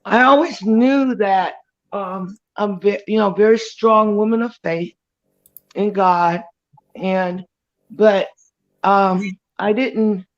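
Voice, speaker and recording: A woman giving an emotional personal testimony as a guest on a live chat, talking haltingly with many pauses and restarts. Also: mid-range voice, highs cut off.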